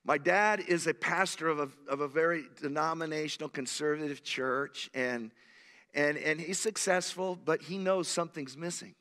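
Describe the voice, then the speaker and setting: A man in his sixties, a pastor, preaching a sermon and telling stories in an animated, emphatic way. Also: fairly high pitch, moderate pace. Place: church sanctuary. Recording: long church hall reverb.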